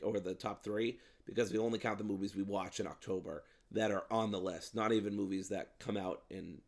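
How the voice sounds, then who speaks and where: A man's voice: lowish voice, steady tone, brisk. A man co-hosting a casual movie review chat, rambling with lots of ums and some playful swearing. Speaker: podcast co-host.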